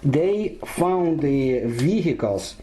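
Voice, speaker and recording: A man narrates in English, slow and halting, pausing with fillers as he searches for words. His voice is dark and mellow, sitting a little high for a man. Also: lively intonation, a little hiss or hum, rough recording. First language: Russian. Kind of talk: narration in a played video.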